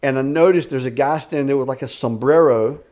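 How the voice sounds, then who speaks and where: A man's voice: mid-range voice, brisk. Man in his fifties telling faith stories. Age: 50s. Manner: animated storyteller with frequent restarts and faith talk. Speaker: executive director of a ministry camp. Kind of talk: casual storytelling interview. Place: a house at a rural camp.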